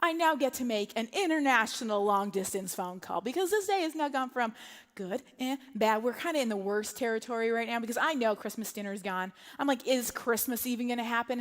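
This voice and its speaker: A woman with a high, bright-sounding voice tells a lively story from a church stage, gasping and playing out the people she meets. Her words ring out into a large hall with a long reverb trailing behind each phrase. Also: brisk. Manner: animated, acts out others' voices, breathless gasps. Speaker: speaker telling a personal story to a church. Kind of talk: sermon storytelling.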